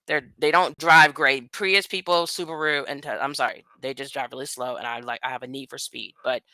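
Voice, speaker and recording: This is casual political commentary from an American woman vlogger, talking right to her viewers in a blunt, profane, rambling rant peppered with quick asides. Her low-pitched voice sounds pushed and bright, and the recording is dry.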